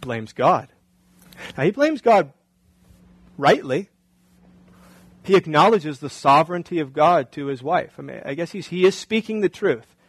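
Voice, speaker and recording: A man's voice: fairly high pitch, very animated, unhurried, long pauses, husky, dry recording, low-quality recording. A male pastor preaching a sermon in a conversational way, often asking the congregation rhetorical questions.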